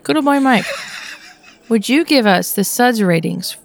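A woman's voice: fairly high pitch, lively intonation, measured pace, vocal fry, dry recording. A woman hosting a casual podcast in a bubbly, giggly way. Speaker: podcast host. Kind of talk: casual chat.

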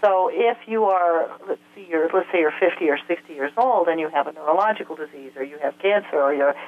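A woman speaks as an interview guest on health, earnest and methodical, with many small hesitations. Her voice sits on the low side for a woman. She comes through a thin, tinny telephone line. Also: fairly quick, a little hiss or hum. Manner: earnest, explains step by step with frequent filler sounds. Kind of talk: explanatory interview answers.

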